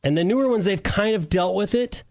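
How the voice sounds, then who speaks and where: A man who talks in a somewhat raised pitch, telling rambling shop stories on a car call-in radio show. He keeps it loose and conversational and chuckles often between his points. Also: lively intonation, fairly quick, darkish tone. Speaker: car show co-host and mechanic. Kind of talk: casual radio chat.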